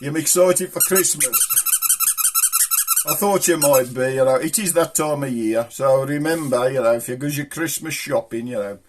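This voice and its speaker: A man's voice: mid-range voice, fairly quick, few pauses, a little mellow, a little hiss or hum. A middle-aged man with a Black Country accent, chatting casually to camera and telling jokes in a rambling way, chuckling at his own punchlines. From England. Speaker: channel host.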